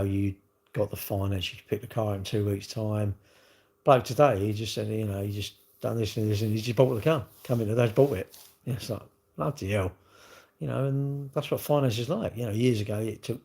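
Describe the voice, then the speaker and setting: Gravelly man in his sixties. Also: on the low side, darkish tone. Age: 60s. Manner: rambling, chatty, rhetorical tag questions. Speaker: livestream host. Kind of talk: casual chat answering viewers' comments.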